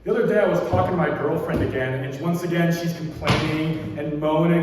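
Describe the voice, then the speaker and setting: A man doing deadpan stand-up, his voice sitting high for a man. He is heard from far off in a big, echoey hall, with long reverb trailing each line. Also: quick pace, few pauses, slight background noise. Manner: deadpan one-liners with quoted voices. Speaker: stand-up comedian. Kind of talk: stand-up comedy routine. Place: billiards hall comedy stage.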